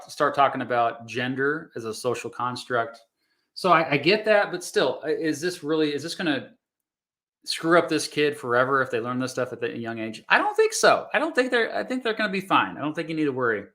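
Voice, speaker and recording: A man in his thirties or forties, a history teacher, reacting live to videos and thinking aloud with many fillers and restarts in a relaxed, reassuring way. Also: medium pitch.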